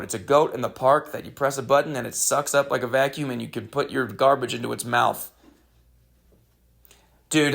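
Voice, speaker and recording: A man hosting a comedy podcast, telling a rambling, deadpan story with crude jokes in a casual monologue. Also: mid-range voice, creaky.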